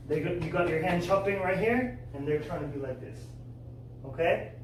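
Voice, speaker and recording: A man teaching a kids' martial arts class, coaching step by step, checking in with "okay?" and shouting loud kiai cries. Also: fairly high pitch, normal speed. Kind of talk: follow-along class instruction for kids. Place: indoor martial arts studio. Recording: echoey room, from far off, faint noise.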